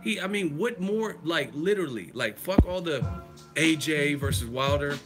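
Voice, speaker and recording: A man's voice: a little high, lively intonation, moderate pace, music in the background. A man from the United States hosting a live stream, ranting emphatically with profanity and rhetorical questions. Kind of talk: casual live-stream commentary.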